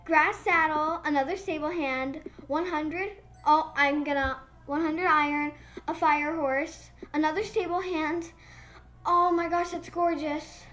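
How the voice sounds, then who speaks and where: Giddy high-voiced woman gushing over a game. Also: a little slow. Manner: gushing, breathless, babbling with excitement. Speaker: gaming vlogger. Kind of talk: excited casual gameplay commentary.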